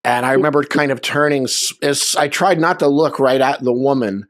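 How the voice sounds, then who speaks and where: A man's voice: mid-range voice, fairly even intonation, fairly quick, no room sound, studio quality. A man sharing loose, conversational anecdotes at a memorial over a video call, with lots of fillers. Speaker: memorial speaker. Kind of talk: storytelling at a memorial.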